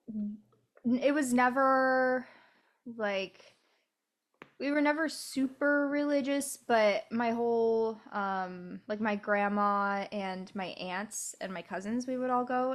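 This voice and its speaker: A woman with a Midwestern American accent co-hosting a podcast, chatting casually with frequent "um" pauses. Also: on the high side. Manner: easygoing, pauses with "um". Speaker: podcast co-host. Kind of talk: casual chat about a film.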